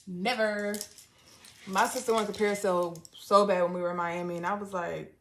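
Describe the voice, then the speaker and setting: A young woman hosting a live stream, casually telling a story in an animated, dramatic way and laughing often. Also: medium pitch, measured pace, long pauses, a little hiss or hum. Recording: roomy echo.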